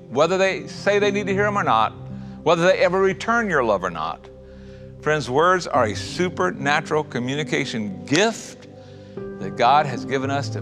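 A man preaching a sermon as a pastor, climbing to loud emphatic peaks and dropping to a hushed, slow prayer. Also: mid-range voice.

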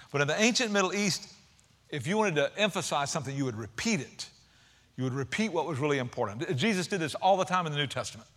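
High, bright-voiced preaching man. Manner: energetic, casual preaching with slang asides. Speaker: pastor. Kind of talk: sermon.

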